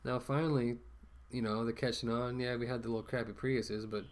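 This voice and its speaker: A man's voice: medium pitch, level tone, brisk. A man ranting casually to camera as a vlogger, rambling with many fillers and restarts, talking through a mask.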